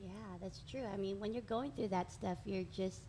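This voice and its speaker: A woman's voice: mid-range voice, moderate pace, warm tone, low-quality recording. A woman hosting a podcast interview, responding in an affirming, encouraging way. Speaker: podcast host. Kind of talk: interview chat. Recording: faint ambient noise.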